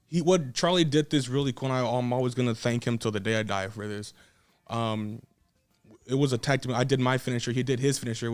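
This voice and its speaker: A man's voice: mid-range voice, clear, resonant tone. A 21-year-old man from South Texas, a guest wrestler telling a story in a casual, emotional, rambling way with frequent restarts.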